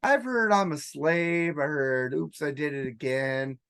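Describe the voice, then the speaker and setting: A man's voice: on the high side, a little slow, a bit bright, clean tone, no echo, studio quality. A man co-hosting a podcast in casual chat, crude and joking as he rambles. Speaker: podcast co-host.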